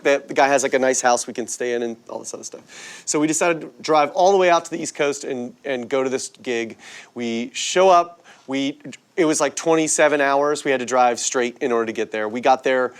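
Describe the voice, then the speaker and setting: A young man casually telling a road story as a podcast guest, animated and acting out quoted voices. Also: mid-range voice, clean tone. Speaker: podcast guest, touring musician.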